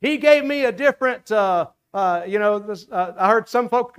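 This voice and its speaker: Southern preacher guy, real high voice, repeats himself a lot, chatty with the congregation. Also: fairly quick, clean tone. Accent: Southern American. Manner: emphatic, repeating phrases, folksy asides to the congregation. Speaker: pastor. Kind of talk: sermon.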